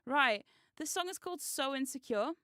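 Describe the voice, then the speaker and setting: A woman streamer chatting casually on a live stream, excitable and giggly, swearing freely. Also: sits high, moderate pace, no room sound, clean studio sound. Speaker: VTuber streamer.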